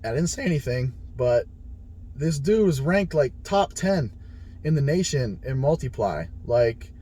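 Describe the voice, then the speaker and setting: A man's voice: mid-range voice, sing-song, unhurried, warm tone, husky. A man casually telling a story about his training, blunt and heavily profane, acting out the conversations he had. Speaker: powerlifter sharing his experience.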